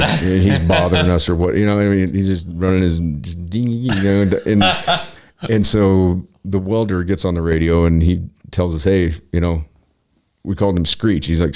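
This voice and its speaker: A man's voice: sits low, darkish tone. A middle-aged man telling rambling, profane stories about old work pranks in a casual chat. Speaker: podcast host. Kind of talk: casual storytelling.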